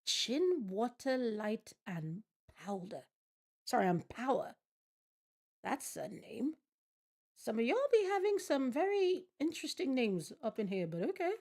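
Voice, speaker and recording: A woman's voice: on the high side, very animated, a little slow, darkish tone. A woman streaming a game, reading its text aloud and reacting with bemused, swearing commentary. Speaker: gaming streamer. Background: game music.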